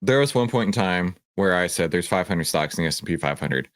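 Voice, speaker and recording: A man's voice: low voice, animated, a little fast, no echo, clean studio sound. A man hosting a livestream, chatting upbeat with viewers in the chat. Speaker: host of a livestream, reacting to a video.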